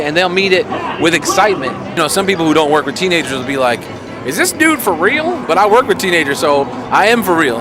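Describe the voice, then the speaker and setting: A man, a youth pastor, talking casually in an interview, rambling with many fillers and restarts. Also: fairly high pitch. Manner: rambling, full of "you know" fillers and restarts.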